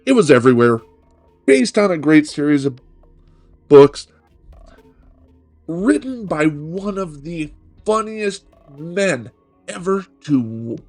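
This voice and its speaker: A middle-aged man hosting a video game review, talking in a wry, joking way that rambles with self-corrections. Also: fairly high pitch. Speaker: game reviewer, channel host. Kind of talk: casual game review monologue.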